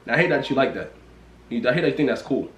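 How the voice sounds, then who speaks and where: A man in a casual rant to camera, talking bluntly and repetitively, swinging from loud exclamations to low mutters. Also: expressive, quick pace, reverberant, a little hiss or hum. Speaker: vlogger.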